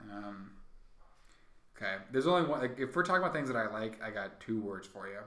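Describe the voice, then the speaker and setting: A man's voice: on the low side, animated, a little fast, a bit bright. A man co-hosting a podcast, talking casually in a rambling, profane way full of fillers. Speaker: podcast co-host. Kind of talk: casual chat. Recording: roomy echo.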